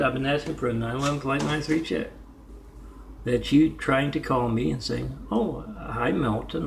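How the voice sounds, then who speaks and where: Gravelly-voiced man rambling on a vlog. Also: mid-range voice, slight background noise. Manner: rambling, self-promoting, spells out web addresses. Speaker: artist vlogger.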